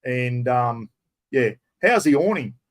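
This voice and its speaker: Blunt Australian bloke answering chat. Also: male voice, medium pitch, expressive, takes it slowly. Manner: blunt, blokey, swears casually, says mate a lot. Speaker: vlogger answering live chat questions. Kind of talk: casual live chat.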